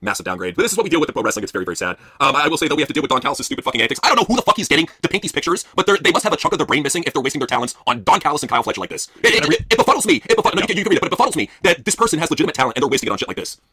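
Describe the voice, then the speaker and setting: A man's voice: a little high, very animated, very fast, hardly any pauses, bright, forceful tone, husky, dry recording, clean studio sound. A man co-hosting a crude wrestling news podcast, mocking and profane. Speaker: podcast co-host.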